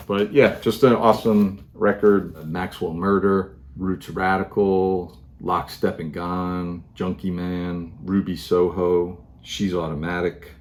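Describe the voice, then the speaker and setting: A man's voice: sits low, little pitch movement, slow pace, few pauses, darkish tone. A middle-aged man talking casually at home about his music collection, rambling with lots of fillers and restarts. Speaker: record collector vlogger. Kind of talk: casual show-and-tell monologue.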